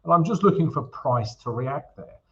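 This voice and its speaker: A man's voice: medium pitch, animated, moderate pace, sharp tone, highs cut off. An upbeat, chatty man hosting a trading livestream, greeting viewers by name and walking through charts. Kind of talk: casual livestream chat and chart walkthrough.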